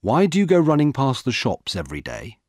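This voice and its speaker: A brisk female police officer, as a male narrator puts her on asks question after question in a lifted voice. The tone stays husky and the recording dry. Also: medium pitch, huge pitch swings, a little mellow, dry recording, voice pushed up.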